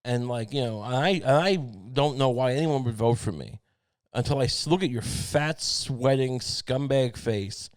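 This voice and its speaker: A man's voice: mid-range voice, measured pace, no room sound, natural voice. A man voicing a blunt, insulting old male politician, in a crude, bragging manner over a dry, close sound. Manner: crude, brags and trades insults.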